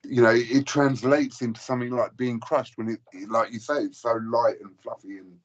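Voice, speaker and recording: A man's voice: medium pitch, fairly even intonation, moderate pace, lo-fi sound. A man hosting a live stream, laughing often and reading out viewer comments. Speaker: livestream host. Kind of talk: casual livestream chat.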